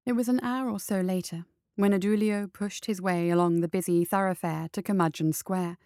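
A woman reading a story aloud in steady scripted narration. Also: medium pitch, moderate pace, no echo, clean studio sound. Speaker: audiobook narrator.

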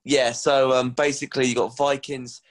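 Male co-host, mid-pitched, frank and sweary football talk. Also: flat delivery, moderate pace. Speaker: podcast co-host. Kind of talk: casual sports podcast chat.

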